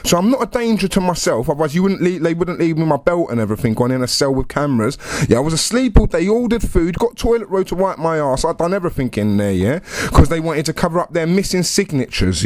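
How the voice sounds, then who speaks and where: A young man with a London accent rants insistently, stacking up repeated tag questions. His voice sits high and swings widely in pitch, recorded dry and close with no room around it. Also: darkish tone, no echo. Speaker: caller. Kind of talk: heated phone complaint.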